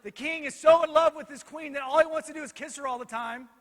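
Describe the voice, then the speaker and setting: A male pastor telling a Bible story in an animated, joking way while directing helpers on stage, in a reverberant church hall. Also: extremely high pitch, fast. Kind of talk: children's Bible lesson storytelling.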